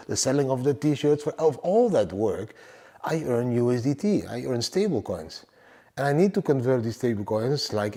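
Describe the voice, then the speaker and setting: Upbeat man with a mellow voice. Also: mid-range voice, in a large hall. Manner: enthusiastic, repeats "guys" and "for example". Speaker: crypto YouTuber. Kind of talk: casual monologue with trading and travel tips.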